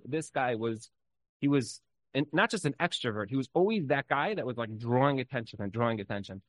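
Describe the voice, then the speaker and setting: A man leads an informal Torah class in a loose, conversational way, full of fillers and lively storytelling. His voice sits at an ordinary middle pitch. The sound is dry and close. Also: no room sound, poor audio. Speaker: Torah teacher.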